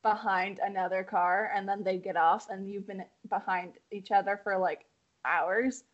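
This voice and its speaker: A woman co-hosting a casual chat, riffing playfully and laughing often. Her pitch sits in a middle range. The recording sounds a little dull and lo-fi. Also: fairly even intonation, normal speed.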